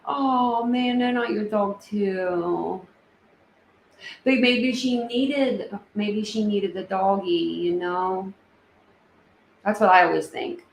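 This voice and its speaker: A woman's voice: mid-range voice, fairly even intonation, slow pace, vocal fry. A woman hosting a casual livestream, chatting and reading viewer comments with lots of fillers and open feeling. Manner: chatty, emotional, many fillers. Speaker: livestream host. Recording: echoey room with faint ambient noise.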